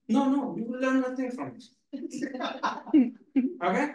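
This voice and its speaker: A man giving an animated, playful seminar lecture, emphatic and full of repeated "right?" tags. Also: very high-pitched, normal speed, long pauses. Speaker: guest speaker. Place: lecture hall. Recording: echoey hall from a distance.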